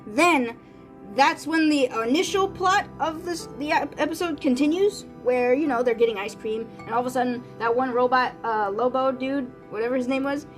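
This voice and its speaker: A woman's voice: sits high, faint music behind. Rambling woman streamer chatting casually. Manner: rambling, full of fillers and restarts, quick quoted voices. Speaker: artist streamer. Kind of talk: casual livestream chat.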